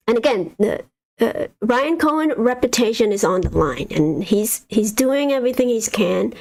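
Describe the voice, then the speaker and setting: A woman hosting a casual livestream, giving exasperated, blunt commentary on stocks while reading figures off a screen. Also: mid-range voice. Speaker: stock market livestream host.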